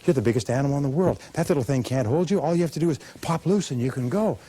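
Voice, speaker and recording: A man's voice: a little high, lively intonation, rapid-fire, mellow, slightly rough. A man giving a motivational speech to a live audience, emphatic and acting out little dialogues. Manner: emphatic, acts out dialogue, leads audience call-and-response. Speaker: motivational speaker.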